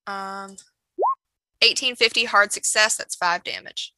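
Player: young-sounding bright woman, casual, swears, dry sound. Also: mid-range voice, a little slow, no room sound, rough recording. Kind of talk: casual game chat.

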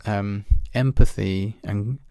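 A man's voice: on the low side, steady tone, slow, mellow, no room sound, clean studio sound. A man talking in a casual, reflective monologue, candid and self-deprecating, swearing now and then and laughing at himself.

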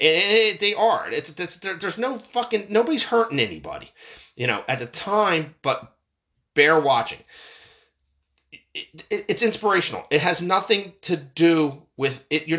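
A man's voice: fairly high pitch, sharp tone. Angry, profane man ranting. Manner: angry, profane, repeats himself when worked up. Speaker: podcast host. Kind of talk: reading and ranting about news articles.

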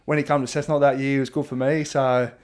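A man's voice: mid-range voice, little pitch movement, fast talker, a little mellow. A young man with an Australian accent, a footy player telling stories in a casual podcast chat, swearing freely and laughing as he goes. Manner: swears a lot, laughs mid-story. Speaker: guest, rugby league winger.

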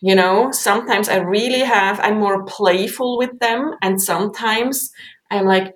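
Woman guest, chatty and animated, lots of um and you know, does little voices. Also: mid-range voice, unhurried. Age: adult with three kids. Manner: animated, acts out inner voices, many fillers. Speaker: guest author. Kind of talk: conversational interview.

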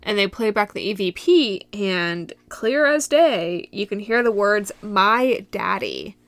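A woman's voice: mid-range voice, a little slow, no room sound. A young woman from Michigan hosting a solo podcast, recapping a show in a giggly, rambling way that drifts into tangents. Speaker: podcast host.

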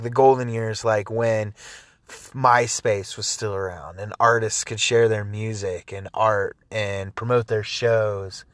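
Guy ranting and cussing between tracks on his music show, fast and heated, dry close sound. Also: on the low side, a bit bright, no room sound. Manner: angry, swearing, rambling. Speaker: show host. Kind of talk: profane ranting chat between songs.

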